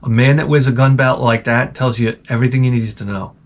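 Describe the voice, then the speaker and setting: A man's voice: mid-range voice, fairly even intonation, fast. A man hosting his own channel, telling rambling, profane comic stories in a casual rant. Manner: rambling, profane, self-interrupting storyteller. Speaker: channel host.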